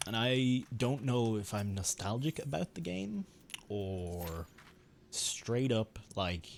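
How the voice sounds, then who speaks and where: A man's voice: mid-range voice, expressive, slow pace, gravelly, slight background noise. A man streaming a game, chatting casually in a rambling, chuckly way. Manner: rambling, chuckly, with restarts and mild swearing. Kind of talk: casual gaming stream chat.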